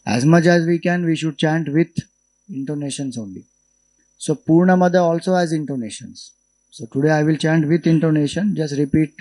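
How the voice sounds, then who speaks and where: A man with an Indian English accent giving an unhurried scriptural lecture, explaining Vedic chants as a spiritual teacher. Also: fairly high pitch, warm tone, rough recording.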